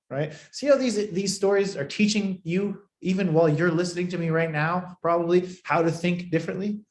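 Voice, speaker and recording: A man coaching students in a live online training, blunt and profane, swinging between loud and soft for emphasis. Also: on the high side. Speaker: marketing coach. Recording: echoey room.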